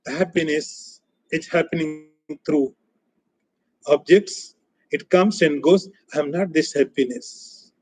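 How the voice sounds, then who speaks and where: A man teaching as a spiritual teacher in a scripture lecture, speaking in short, emphatic, repeated phrases that often trail off softer. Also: fairly high pitch, takes it slowly, a little hiss or hum, rough recording.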